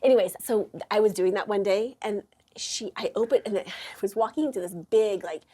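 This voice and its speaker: A woman hosting a casual chat, telling stories with lots of playful acted-out quotes. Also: fairly quick. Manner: animated storyteller, acts out quotes in high voices. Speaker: podcast host.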